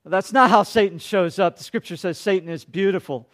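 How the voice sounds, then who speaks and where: A male pastor preaching a sermon, dropping to hushed tones and rising to loud, dramatic peaks. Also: fairly quick. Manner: dynamic, swinging from hushed to booming.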